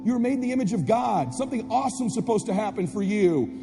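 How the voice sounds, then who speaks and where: A man giving a fiery motivational speech to a live audience, hammering the same lines over and over and at times shouting. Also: sits high, animated, fast talker, creaky. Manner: insistent, repetitive exhortations, bursts of shouting. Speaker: motivational speaker. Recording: echoey hall, music underneath.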